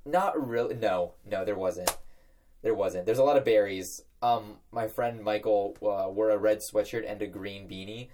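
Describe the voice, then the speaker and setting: A man's voice: on the low side, normal speed, a little mellow. A young man co-hosting a podcast, playful and laughing often as he tells party stories. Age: young adult. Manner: laughing, playful, mock-grand. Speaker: podcast co-host. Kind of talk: casual chat.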